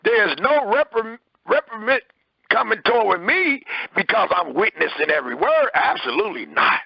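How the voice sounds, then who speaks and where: A man's voice: huge pitch swings, moderate pace, gravelly, husky, no room sound, muffled recording. A man preaching a sermon, reading scripture aloud and pressing hard on his words. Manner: emphatic, preaching with rising and falling pitch.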